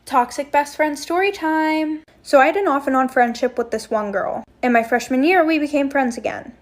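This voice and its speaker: Blunt high-voiced young woman telling stories. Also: moderate pace. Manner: candid, blunt, swears freely. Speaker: storyteller. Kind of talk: casual story-time monologue.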